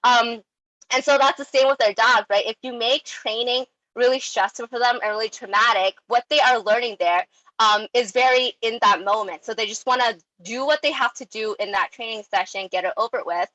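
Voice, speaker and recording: A young woman giving a casual online talk on dog training, chatty and animated, with many ums and likes. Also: on the high side, normal speed, no echo, rough recording.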